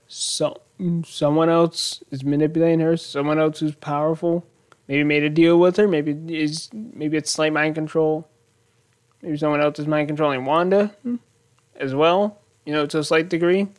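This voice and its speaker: A man's voice: a little high, clean tone, no room sound. Rambling man recapping a TV episode. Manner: rambling, animated, thinks aloud. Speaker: YouTube show host.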